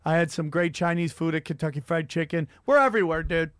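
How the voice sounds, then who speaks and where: A man hosting a casual podcast, telling rambling, profane stories with animated energy. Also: on the high side, quick pace, no echo, studio quality. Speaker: podcast host and comedian. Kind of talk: crude casual chat.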